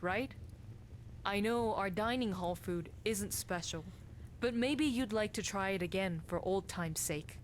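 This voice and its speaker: A woman playing a polite, kindly professor in a game, speaking at a middle pitch. Faint ambient noise sits behind her. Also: close to an everyday voice. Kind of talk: game dialogue.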